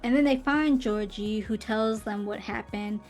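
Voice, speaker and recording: A woman's voice: mid-range voice, unhurried, a little mellow, soft background music. A young woman hosting a podcast, casually retelling a film's plot with fillers and little acted quotes. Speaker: podcast host. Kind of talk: casual movie recap.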